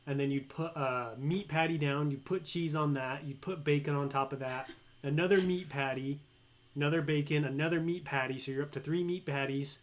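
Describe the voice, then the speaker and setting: A young adult man co-hosting a livestream, joking and telling stories in a relaxed, casual way. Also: on the high side, a little fast. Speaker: livestream co-host.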